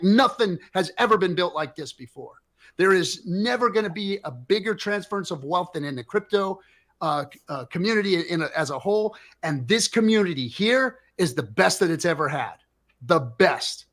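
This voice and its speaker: A middle-aged male host with a high voice delivers an impassioned, profane livestream rant. His emphatic, fired-up delivery keeps pushing every point. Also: lively intonation, normal speed, fairly bright tone.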